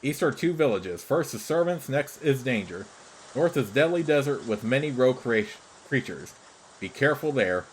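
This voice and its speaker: A man's voice: mid-range voice, animated, moderate pace, slight background noise, lightly acted, poor audio. A man voicing a shrewd, talkative male creature who wanders a fantasy game world, speaking in broken, clipped phrases. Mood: matter-of-fact. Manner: broken, clipped pidgin speech.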